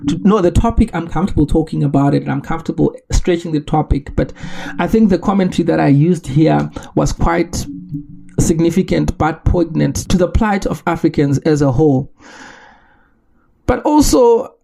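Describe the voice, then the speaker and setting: A man from Zimbabwe, hosting a solo podcast and making his case in an earnest, measured way with rhetorical questions. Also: a little high, creaky, warm tone. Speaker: podcast host.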